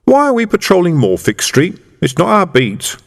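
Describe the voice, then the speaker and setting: An eager, naive young watchman, voiced by a man in a raised, deferential tone. The lilt is lively, and a long reverb trails behind. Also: high-pitched, normal speed, vocal fry, voice pushed up, exaggerated voice. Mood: earnest. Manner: earnest and deferential. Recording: reverberant room.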